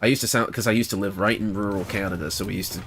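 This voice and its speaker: A man's voice: fairly low pitch, fairly even intonation, rapid-fire, fairly bright tone, a little hiss or hum. A man with a British accent chatting casually while streaming a game, thinking aloud and laughing often. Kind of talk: casual gameplay livestream commentary.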